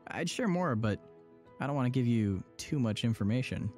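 A man's voice: mid-range voice, lively intonation, normal speed, darkish tone, faint music behind. Upbeat man in a scripted church explainer. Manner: upbeat, persuasive. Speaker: church promo presenter.

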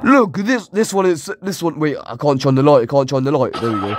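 A man's voice: mid-range voice, expressive, quick pace, a little mellow, a little hiss or hum. A man giving let's play commentary on a horror game, jumpy, shrieking at scares and taunting the enemies. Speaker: gaming YouTuber.

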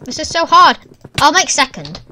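A woman comments on her gameplay in a high, swooping voice, jumping between cheerful shouts and half-muttered thoughts. Loud keyboard clatter and typing run clearly underneath her talk. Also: normal speed. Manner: excitable, exclaiming and thinking aloud. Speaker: gaming channel host. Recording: keyboard clicks and typing in background. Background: keyboard typing noise.

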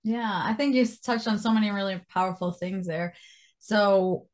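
She's a Canadian in her thirties, a guest narrating her life in an interview at a moderate pace in a mid-range voice. Animated, she brings in quotes from people with lively vocal jumps.

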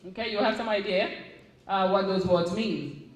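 A middle-aged woman with a Caribbean English accent, an author speaking to a live audience at a book signing in a chatty, animated way. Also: medium pitch, normal speed, recorded from a distance. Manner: chatty, animated storytelling with restarts. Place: event room. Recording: echoey room.

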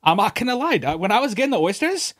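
A man hosting a podcast, telling stories in a casual, animated way, swearing freely and acting out quoted voices. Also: sits high, fast talker, no room sound, clean studio sound. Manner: animated, profane, peppered with "bro" and "dude". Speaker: podcast host. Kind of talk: casual storytelling chat.

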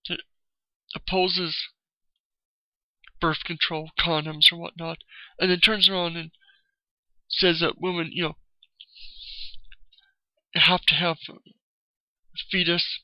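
A man's voice: a little high, little pitch movement, slow pace, long pauses, no room sound, highs cut off. A man in an angry, profane video rant, repeating "you know" as he vents. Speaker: vlogger. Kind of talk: angry ranting video commentary.

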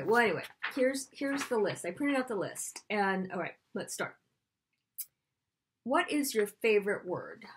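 Husky, chatty woman author. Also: medium pitch. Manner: chatty, self-deprecating, playful asides. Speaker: children's author. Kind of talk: casual spontaneous Q&A video.

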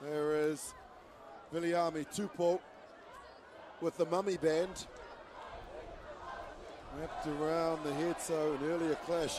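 A man giving live play-by-play commentary on a rugby match, excited and rising to shouts on attacking plays. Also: a little high. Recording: broadcast with loud crowd noise.

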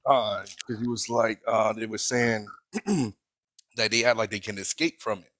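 A man's voice: fairly low pitch, steady tone, moderate pace, a bit bright. A man adding a hesitant comment in a studio conversation and reading a scripture quote. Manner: hesitant, with fillers. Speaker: studio guest.

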